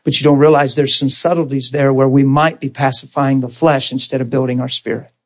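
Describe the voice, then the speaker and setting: A male preacher in full storytelling mode, voice rising and falling as he acts out both sides of a conversation. He talks directly to his listeners with rhetorical questions, folksy asides and a chuckle at his own expense. His pitch sits in an ordinary middle range. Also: brisk. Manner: animated storytelling, acting out dialogue and laughing at himself. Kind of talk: sermon with personal testimony.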